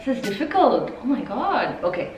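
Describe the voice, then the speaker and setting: A woman's voice: on the high side, very animated, moderate pace, reverberant, far from the mic, highs cut off, music in the background. A woman hosting her own vlog, chatting playfully with her sister in a giggly, teasing way. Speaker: vlog host.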